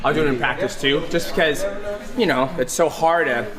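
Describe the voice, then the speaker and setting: Animated man explaining grappling, echoey room. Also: on the high side, brisk, a crowd in the background. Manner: animated, demonstrating with grunts.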